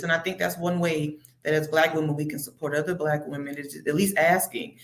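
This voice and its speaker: An earnest woman on a church panel, reflective and quick in her asides. Her voice sits a bit low and rings in an echoey room. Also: a bit bright.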